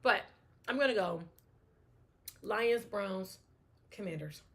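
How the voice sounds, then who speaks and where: A woman's voice: medium pitch, expressive, slow pace, gravelly, a bit bright, husky. A woman hosting a casual solo sports talk show, chatting and thinking aloud, often restarting her sentences.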